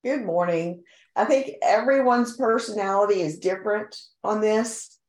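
A woman in a group discussion, speaking in a measured, thoughtful way. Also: medium pitch, a little mellow, reverberant, low-quality recording. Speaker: sales agent in a group discussion.

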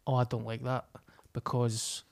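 Scottish male co-host, mid pitch, frank storyteller, swears freely. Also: completely flat delivery, measured pace. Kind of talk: casual chat.

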